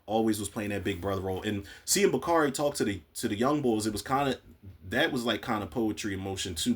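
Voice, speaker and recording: Man, husky voice, lowish pitch, casual profane TV recap, acts out lines. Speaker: TV recap podcaster.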